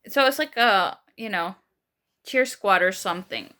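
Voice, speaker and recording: Bright high-voiced young woman vlogger. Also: normal speed. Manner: animated retelling, acts out quoted voices, many fillers. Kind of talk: casual storytelling.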